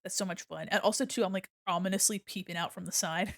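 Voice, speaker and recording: A woman chats her way through a drawing livestream, laughing easily and explaining her steps as she goes. Her voice carries a light gravelly fry. She sits close to a desk microphone in a dry home room. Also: mid-range voice, quick pace, a bit bright, no echo. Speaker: art streamer. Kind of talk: casual livestream chat while drawing.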